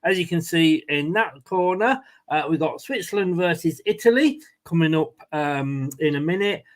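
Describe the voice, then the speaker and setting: A man hosting a casual live stream from home, talking in a somewhat higher voice. He rambles in a friendly way, corrects himself mid-sentence and mocks himself. He speaks into a new desk microphone. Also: animated, moderate pace. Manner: chatty, rambling, self-deprecating, with restarts and asides. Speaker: watchalong host.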